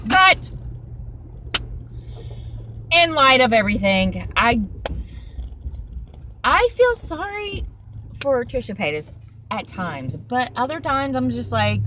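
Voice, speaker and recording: A woman's voice: on the high side, big pitch swings, takes it slowly, long pauses, background noise. A woman chatting casually in a vlog, rambling and swearing freely while sitting in her car at a drive-through. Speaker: vlogger.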